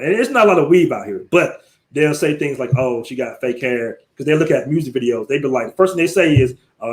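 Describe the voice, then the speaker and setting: An American man hosting a casual livestream, talking in loose slang and laughing often as he tells stories and reads out viewer messages. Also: fairly high pitch. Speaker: livestream host. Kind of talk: casual live-stream talk.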